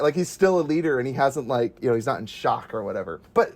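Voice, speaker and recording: A man's voice: medium pitch, expressive, fast talker, darkish tone. A man chatting casually about a movie, gushing with enthusiasm and filling his talk with "like". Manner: enthusiastic, gushing, heavy use of "like". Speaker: podcast panelist.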